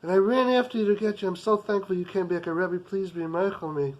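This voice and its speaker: A man's voice: high-pitched, fairly even intonation, a little fast, darkish tone, muffled recording, lightly acted. A man voicing a rich, hot-tempered business boss who talks in an intense, emphatic way. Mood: remorseful.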